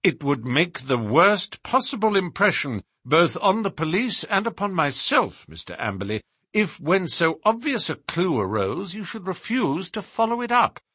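Man doing a commanding detective, husky, emphatic, pitch swooping widely. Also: big pitch swings, normal speed, bright, forceful tone, dry recording, studio quality, heavily acted. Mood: stern. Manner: emphatic, incisive. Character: stern, commanding male detective.

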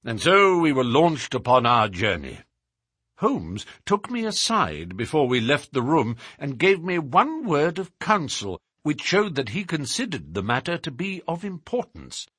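Man, husky, bright, dry close sound, measured story narration. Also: a little high, wildly swooping pitch, no room sound. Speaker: audiobook reader. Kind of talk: scripted narration.

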